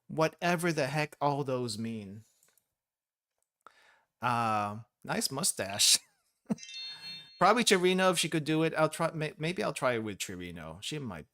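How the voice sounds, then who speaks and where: A man's voice: medium pitch, sing-song, unhurried, fairly bright tone. A young man giving casual gameplay commentary, rambling and correcting himself as he plays. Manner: rambling, self-correcting, laughs often. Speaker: gaming streamer. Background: game music.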